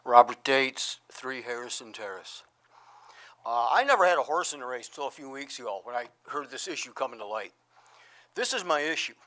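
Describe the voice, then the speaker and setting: A man's voice: mid-range voice, lively intonation, moderate pace, sharp tone. A man giving a blunt, combative public comment at a town board meeting.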